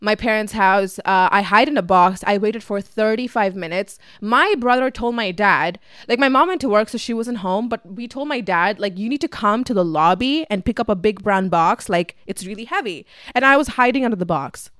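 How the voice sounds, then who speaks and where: Young woman vlogging, smooth voice, dry close mic, lots of likes and swearing. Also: mid-range voice, animated, normal speed, hardly any pauses, fairly bright tone, dry recording. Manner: chatty, swears freely, many fillers. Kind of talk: casual storytime vlog.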